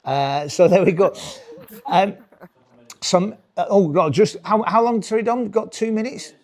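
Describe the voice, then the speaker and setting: British male comedian in his forties, slightly high voice, rambling stand-up delivery. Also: measured pace, darkish tone. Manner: rambling, self-interrupting, chuckling. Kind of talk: live stand-up.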